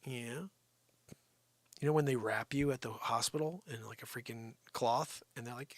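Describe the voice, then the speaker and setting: A man hosting a live comedy stream, rambling and teasing an unseen sidekick with a steady stream of "you know.". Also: mid-range voice, normal speed, no room sound. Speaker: livestream comedy host. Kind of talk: improvised comedic rant.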